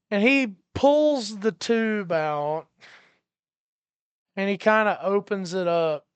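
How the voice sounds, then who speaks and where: A game master narrating a science fiction tabletop game in a relaxed way, laughing often. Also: mid-range voice, slow, long pauses, clean tone, no room sound. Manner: relaxed, laughing, explains freely.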